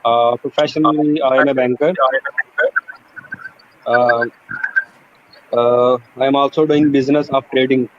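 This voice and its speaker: A man's voice: medium pitch, fairly even intonation, unhurried, pauses often, highs cut off. A man with a Pakistani accent introducing himself in an online class, hesitant and leaning on "you know". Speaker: student, banker. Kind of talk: self-introduction on a video call.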